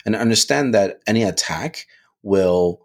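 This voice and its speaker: A man talking casually on a podcast, animated, restarting phrases and often asking "right?". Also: lowish voice, unhurried. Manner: animated, repeats words, lots of "right?". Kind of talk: casual discussion.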